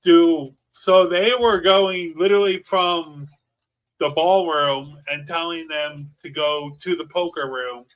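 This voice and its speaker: A man's voice: on the high side, steady tone, slow, fairly bright tone, poor audio. A man hosting a casual podcast interview, eager and loose-spoken, swearing now and then. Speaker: podcast host.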